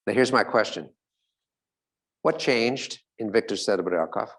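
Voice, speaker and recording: A man speaking as a motivational speaker, telling stories to a live audience, asking it questions and slowing down on key points. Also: on the low side, lively intonation, vocal fry, a bit bright.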